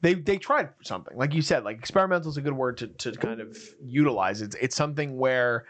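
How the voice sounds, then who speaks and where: Animated man co-hosting a film podcast. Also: mid-range voice, fast talker. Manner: animated, acts out scenes in quoted voices. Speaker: podcast co-host. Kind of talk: casual film review chat.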